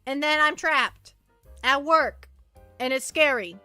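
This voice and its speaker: A woman's voice: high-pitched, expressive, slow, pushed and bright, no echo, soft background music. A young woman streaming casually, rambling and stammering with many repeated words. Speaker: virtual streamer. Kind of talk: casual livestream chat.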